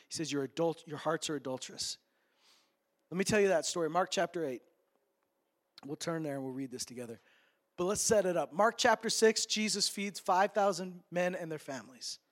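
A male pastor preaching a sermon, animated and playful, acting out characters for humor. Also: high-pitched. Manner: animated, acts out voices for humor.

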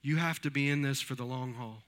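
A man's voice: medium pitch, brisk, fairly bright tone. A pastor in his fifties giving a conversational sermon in church, telling stories and acting out what others said. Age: 50s. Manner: conversational, storytelling with quoted voices. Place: church sanctuary.

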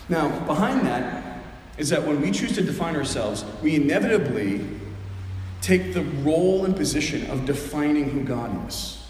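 A man's voice: a little high, expressive, normal speed, darkish tone, slight background noise. A man preaching a sermon as pastor, earnest, acting out prayers aloud, on a headset mic. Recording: very echoey hall, faint ambience.

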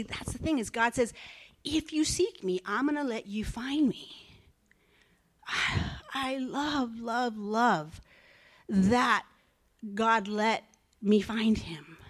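An older woman giving an emotional sermon, earnest and repetitive, often dropping to a whisper. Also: on the high side. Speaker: church speaker.

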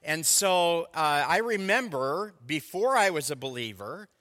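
A man's voice: on the high side, animated, a little slow, pushed and bright, in a large hall. An older man, a pastor of over thirty years, preaching a sermon in a conversational, storytelling way with asides to the congregation.

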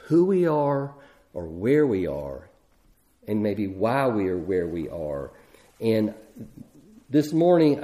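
A man's voice: lowish voice, mellow. A middle-aged man preaching a sermon in a conversational way, often restarting his sentences. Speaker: pastor.

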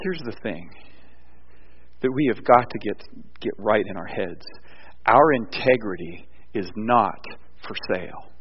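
A man preaching a sermon, moving between loud emphatic points and quiet, rambling storytelling with frequent restarts. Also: on the low side, animated, measured pace, pauses often, a little hiss or hum. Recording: dull sound with long hall reverb.

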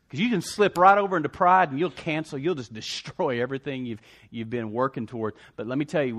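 A man preaching a sermon, emphatically repeating declarations and calling for responses from the congregation. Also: mid-range voice. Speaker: pastor.

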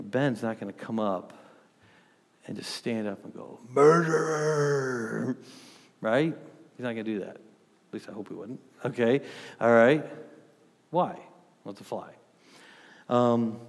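A pastor in his thirties preaches to his congregation in a relaxed, conversational way, often pausing to ask his listeners "right?". His voice rings out with the long echo of a church hall. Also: lowish voice. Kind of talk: sermon. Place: church with a podium.

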